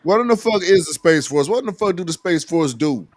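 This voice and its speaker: A man in a casual chat, loud and joking, swearing freely and firing off blunt questions. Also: fairly high pitch, expressive, brisk, no room sound, studio quality.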